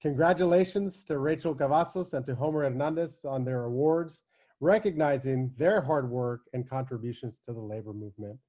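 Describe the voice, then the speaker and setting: Mellow-voiced man giving formal greeting. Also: mid-range voice, moderate pace. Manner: formal, earnest address. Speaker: judge. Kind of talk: recorded video greeting.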